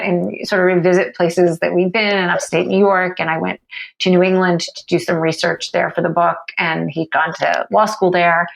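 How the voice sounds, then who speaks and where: A woman's voice: fairly low pitch, gravelly, low-quality recording. A woman author being interviewed, talking candidly and thoughtfully with frequent restarts. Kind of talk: reflective conversational interview.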